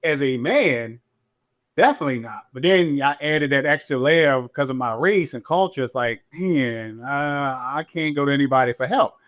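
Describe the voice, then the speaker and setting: Candid and animated, a middle-aged man who works as a police officer shares his story on a podcast as a guest, speaking at a moderate pace. He quotes others by acting them out in a higher-pitched voice.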